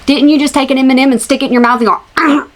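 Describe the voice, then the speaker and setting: Woman host, sassy mocking reaction commentary, voice pitched a little high. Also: fairly even intonation, fast. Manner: sassy, mocking, talks straight to viewers.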